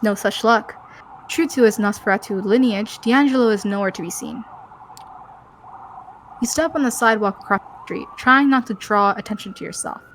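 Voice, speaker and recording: A woman's voice: mid-range voice, normal speed, a bit bright, slight background noise. Woman, co-host, reads game narration aloud, trips over words. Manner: stumbles over words, laughs often. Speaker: co-host reading a story game.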